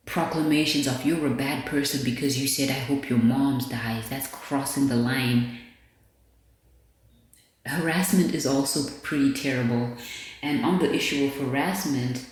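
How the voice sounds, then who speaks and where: A woman hosting a podcast, talking bluntly and candidly in a casual monologue, with plenty of swearing. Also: rumbling low. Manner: candid, blunt, profane commentary. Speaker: podcast host. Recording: very echoey room.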